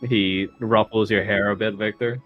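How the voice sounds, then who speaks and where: A man's voice: lowish voice, steady tone, normal speed, lo-fi sound, faint music behind. A man narrating a tabletop game as game master, casual and full of fillers.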